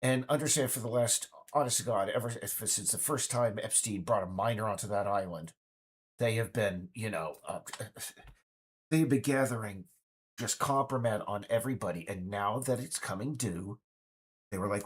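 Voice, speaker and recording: A man's voice: lowish voice, moderate pace, husky. A man in his fifties speaking in a casual, indignant, rambling monologue full of restarts. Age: 50s. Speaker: game developer vlogger.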